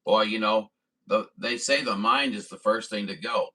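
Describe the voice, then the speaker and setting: A man's voice: lowish voice, moderate pace, pushed and bright, husky, rough recording. A man from Missouri running a CB radio stream, chatting in a folksy, rambling way with radio jargon. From Missouri, USA. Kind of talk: radio contact chat.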